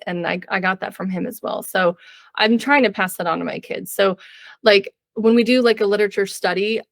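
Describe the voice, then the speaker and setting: A woman guest on a podcast, talking casually about homeschooling in an animated, chatty way with frequent laughter, and a little under the weather. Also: mid-range voice, creaky, dry recording, clean studio sound.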